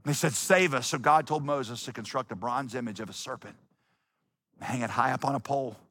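A male pastor preaching a sermon, dramatic and building to shouts. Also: medium pitch, a little fast, no echo. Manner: dramatic, rising to shouts when quoting.

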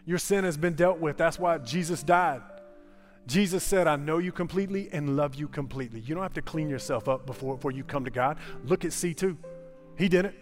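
A pastor preaching a sermon in a church, building to impassioned repeated phrases. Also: male voice, fairly high pitch, long reverb tail. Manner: impassioned, repetitive preaching cadence. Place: church sanctuary.

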